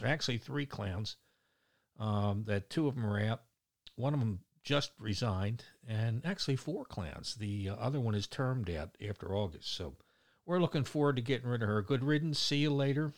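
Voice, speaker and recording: A man in his sixties with a broad Baltimore accent talks casually straight to his viewers. He rambles from one thing to the next, blunt and wisecracking, and his voice sits at an ordinary middle pitch. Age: 60s. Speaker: vlogger. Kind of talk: casual monologue to camera.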